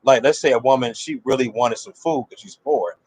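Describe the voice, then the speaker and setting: A man's voice: mid-range voice, a little fast, a little mellow, slight background noise. A male preacher giving a sermon, telling a story and putting rhetorical questions to his listeners.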